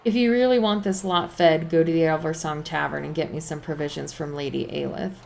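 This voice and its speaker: A smarmy, money-grubbing innkeeper who plays the generous host while fleecing his guests, as a woman puts him on. He talks in loud, wheedling showman patter, in a low, gravelly voice with a fantasy game's flavour. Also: fairly even intonation, fairly quick. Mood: defensive. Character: greedy smarmy male innkeeper, fake-generous.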